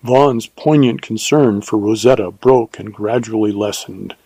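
Dark, husky male audiobook narrator. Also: on the low side, measured pace, dry recording, poor audio. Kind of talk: scripted narration of a western novel.

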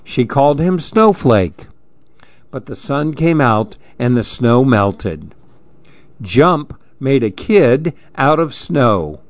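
A man reading children's storybooks aloud in a slow, lilting, expressive way. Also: medium pitch, no echo. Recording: dull lo-fi dry recording.

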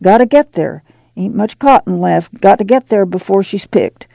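A man's voice: high voice, lively intonation, normal speed, vocal fry, dark tone, dry recording, studio quality, voice pushed up, exaggerated voice. A man voicing a weary, determined farm mother who gives firm orders in plain rural dialect. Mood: firm, urging.

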